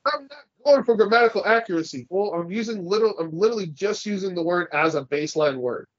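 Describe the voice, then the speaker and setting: A man's voice: high-pitched, animated, fast talker, dry recording, lo-fi sound. A man co-hosting a casual podcast, ranting and swearing as he argues his point. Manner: profane, ranting, argumentative. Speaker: podcast co-host.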